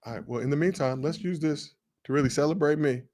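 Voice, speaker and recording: A man in his forties co-hosting a casual sports livestream, joking and giving shout-outs to the chat. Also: fairly high pitch, fast, no echo. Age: 40s. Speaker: co-host.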